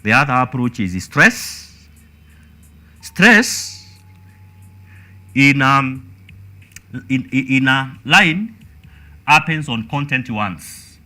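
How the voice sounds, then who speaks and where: A man's voice: medium pitch, lively intonation, extremely slow, pauses often, bright, forceful tone, soft background music. A man with a Kenyan accent teaching an exam revision lesson, emphatic and repeating words as he thinks.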